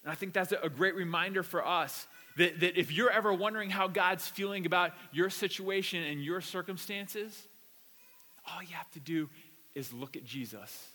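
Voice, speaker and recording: In a large, echoing space, a male pastor preaches a conversational sermon built around a personal story. His voice is high and sharp, his pace moderate, and he tells his stories casually and animatedly, often repeating words.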